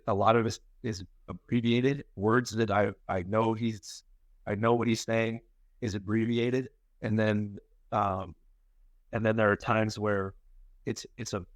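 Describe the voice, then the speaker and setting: A man's voice: on the low side, no echo. A man co-hosting a podcast, chatting casually and telling family stories with rambling restarts and easy laughter. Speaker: podcast co-host. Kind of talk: casual chat.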